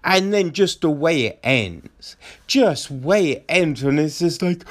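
A man giving a profane, exasperated review of a show, mocking its characters in high put-on voices. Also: expressive, takes it slowly, a bit bright. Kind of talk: ranting casual review.

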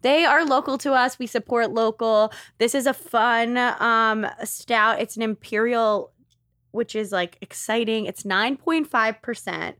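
A woman's voice: a little high, steady tone, measured pace, a bit bright, no echo, studio quality. A woman co-hosting a casual podcast, rambling along with frequent giggles and restarts. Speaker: podcast co-host.

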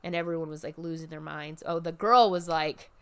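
Young woman rambling about a wrestling show, smooth clear voice, goes high and squeaky mocking people. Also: brisk. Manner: chatty and animated, jumps into high mocking voices for quotes. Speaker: wrestling fan recapping an event. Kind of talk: casual chat.

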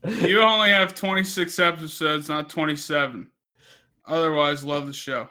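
A man's voice: fairly high pitch, steady tone, normal speed, sharp tone. A man co-hosting a podcast, telling a rambling story in casual chat, swearing constantly. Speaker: podcast co-host.

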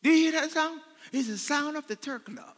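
A male pastor preaching a sermon, leading his congregation in call and response and swinging between loud shouts and hushed tones. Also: extremely high pitch, fairly quick, in a large hall. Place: church sanctuary.

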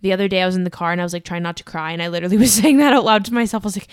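A young woman talks fast as a podcast co-host, her voice sitting on the low side. She laughs easily. The recording is close and dry. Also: clear, resonant tone, no echo. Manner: quick, chatty, laughs often. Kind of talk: casual chat.

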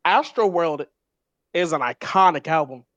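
A man co-hosting a casual music podcast, blunt and animated, often laughing as he talks. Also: on the high side, unhurried, no echo, highs cut off. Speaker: podcast co-host. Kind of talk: casual chat.

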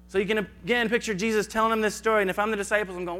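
A man's voice: high-pitched, fairly even intonation, very fast, few pauses, sharp tone. A man giving a conversational sermon, acting out biblical dialogue in casual asides. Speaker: preacher.

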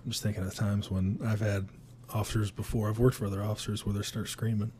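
Firefighter host, low-pitched, easygoing interviewer, faint noise behind. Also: male voice, little pitch movement, fast, darkish tone. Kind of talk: casual interview.

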